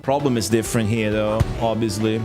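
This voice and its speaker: A man, rambling and swearing through live gameplay stream chatter, laughing often and jumping into high exclamations. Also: fairly even intonation, a little fast. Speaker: game streamer. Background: game music.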